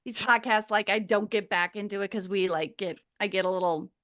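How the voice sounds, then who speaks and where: A woman's voice: medium pitch, fairly quick, a bit bright. A woman in her fifties from Minnesota, a podcast guest telling a long personal story in a casual, chatty way, going off on tangents, swearing freely and laughing often. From Minnesota, USA.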